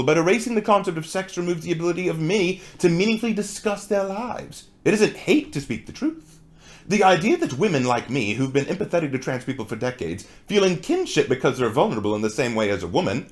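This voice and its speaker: A man's voice: a little high, pitched above the performer's own voice. A man doing an imitation of a British woman with a put-on British accent, reading a statement earnestly. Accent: attempted British English. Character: British woman author reading her tweets aloud.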